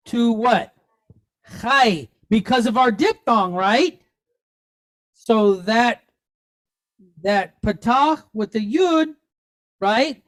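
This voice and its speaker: A woman teaching a language lesson to a class, patiently spelling out sounds and quizzing her students with frequent "right?" checks. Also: a little high. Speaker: Hebrew teacher.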